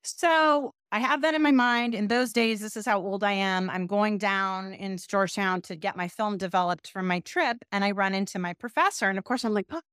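A woman's voice: medium pitch, normal speed, hardly any pauses, smooth, no room sound, clean studio sound. A middle-aged woman from California, a guest telling a story in an interview, chatty and self-deprecating. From Pasadena, California. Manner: chatty, self-deprecating, animated quoted asides. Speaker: podcast guest, business owner.

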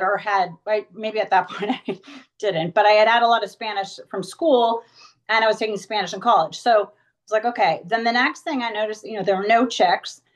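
Middle-aged woman, interview guest, chatty and animated storyteller, mid pitch. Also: poor audio. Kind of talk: casual storytelling.

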